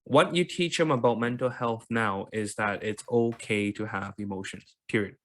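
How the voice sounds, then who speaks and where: A Canadian man in his thirties hosts a podcast, chatting casually with plenty of fillers and repeated words. His voice sits on the low side, a bit bright, at a moderate pace.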